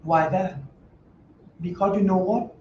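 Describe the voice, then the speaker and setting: In a meditation center hall, a high-voiced male monk leads a Dhamma class in an informal dharma talk, his tone steady, darkish and unhurried. He's blunt and playful, laughing through broken English. The audio is roomy and far off, picked up by a dull mic with a little background noise.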